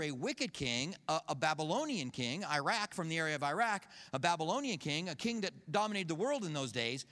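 Animated pastor preaching in a reverberant hall. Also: male voice, on the high side. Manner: storytelling, acts out quoted voices, animated. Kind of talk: conversational sermon with personal stories. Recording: long reverb of a large hall.

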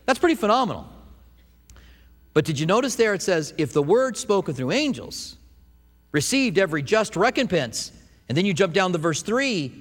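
A man preaching a sermon, telling stories and acting out quotes in an animated way. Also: high-pitched, normal speed, big-room sound. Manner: animated storytelling with acted-out quotes. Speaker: pastor.

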